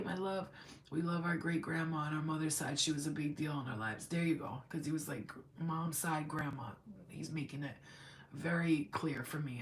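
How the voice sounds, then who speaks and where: A woman's voice: deep voice, a little hiss or hum. A woman medium giving a live channeled reading, rambling and emotional as she speaks to a spirit and to her client.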